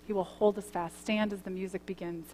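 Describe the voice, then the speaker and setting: A woman's voice: mid-range voice, steady tone, brisk. Woman pastor preaching in a reverberant church. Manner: conversational storytelling, then gentle prayer. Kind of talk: sermon. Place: church sanctuary. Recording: long church hall reverb, faint hum.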